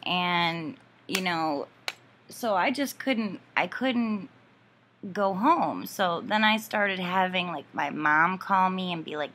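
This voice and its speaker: A woman's voice: on the low side, slow, bright, forceful tone, a little hiss or hum. A woman vlogger ranting casually about a neighbor, profane, exasperated and rambling with many fillers.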